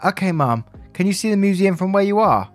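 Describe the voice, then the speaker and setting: A courteous, slightly anxious young female receptionist, as a man puts her on, lifted well above his normal pitch. She speaks helpfully and carefully, with soft music faint underneath. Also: animated, fairly quick. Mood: anxious polite.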